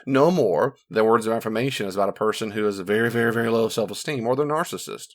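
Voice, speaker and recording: A man with a fairly low voice gives marriage advice in a relaxed teaching talk. He is animated and slips into the voices of the people he quotes. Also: fast. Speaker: marriage counselor.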